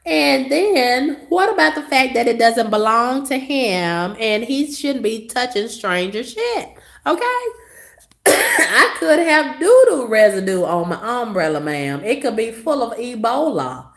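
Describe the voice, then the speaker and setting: A woman's voice: on the high side, big pitch swings, measured pace, fairly bright tone, reverberant. Woman ranting, sassy and profane, coughs a lot, big swings up and down. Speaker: vlogger. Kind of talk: ranting monologue.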